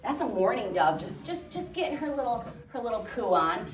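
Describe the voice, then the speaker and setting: A chatty woman nature educator talks lightly and playfully to a live group. Her voice sits a little high. She sounds far from the mic, in a room with a clear echo. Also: big pitch swings, a little fast. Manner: chatty and playful, imitating bird calls. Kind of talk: live educational talk to an audience. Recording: echoey room, distant mic.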